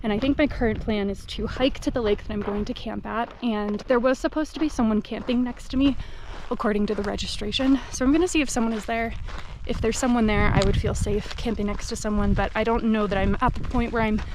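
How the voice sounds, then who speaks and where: A woman's voice: on the high side, steady tone, a little fast, noisy background. A young woman talking to her camera on a solo backpacking trip outdoors, chatty and candid, with fillers and self-corrections. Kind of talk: casual vlog narration to camera. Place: outdoors on a mountain trail.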